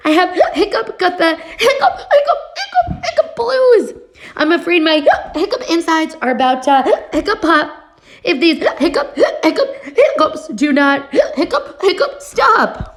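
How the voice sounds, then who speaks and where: A woman's voice: very high-pitched, very animated, measured pace, voice pushed up, exaggerated voice. A woman voicing a flustered child whose words keep breaking on hiccups and giggles.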